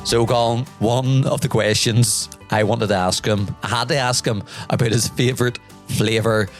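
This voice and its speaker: A man from Northern Ireland with a Northern Irish accent, co-hosting a podcast in playful, excitable casual chat. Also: medium pitch, moderate pace, faint music behind. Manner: playful, excitable, keeps addressing his co-host by name. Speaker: podcast co-host.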